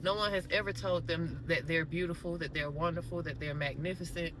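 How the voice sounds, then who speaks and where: A woman vlogger casually telling a story straight to her viewers, animated and conversational. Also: low voice, fairly quick, background noise.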